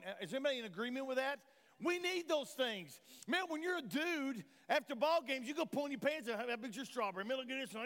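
A male pastor from delivers an impassioned sermon in a strikingly high voice. He keeps pulling the congregation in with questions. The sound rings out with a long church-hall reverb. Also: a bit bright. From Tennessee, USA. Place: church sanctuary.

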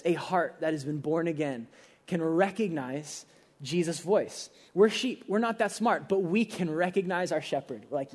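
A man's voice: high voice, normal speed. A young adult man, a pastor, preaching a casual but emphatic sermon with rising bursts of energy.

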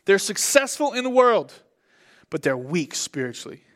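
Young guy pastor preaching, chatty and lively, voice sits kinda high. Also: moderate pace. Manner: animated, conversational preaching with big pitch swings. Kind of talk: sermon.

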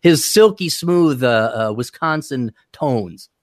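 A man's voice: medium pitch, lively intonation, slow pace, dry recording, clean studio sound. A man hosting a casual podcast chat, talking in a rambling, self-deprecating way with lots of restarts. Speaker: podcast host. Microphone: desktop studio-style USB mic.

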